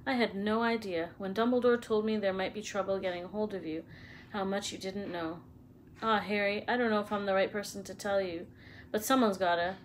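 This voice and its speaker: A big, loyal giant of a man speaks in a rough, blustering way, as a woman reading aloud puts him on. His voice sits in a middle register. Faint noise hums behind the voice. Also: mid-range voice, fairly even intonation, fairly quick, close to an everyday voice, poor audio. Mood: worried.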